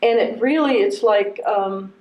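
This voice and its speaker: A man's voice: high-pitched, a little slow, roomy sound, low-quality recording. A middle-aged man playing a client in a practice counseling interview, hesitant and rambling with many fillers. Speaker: client in a training role-play. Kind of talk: clinical interview role-play.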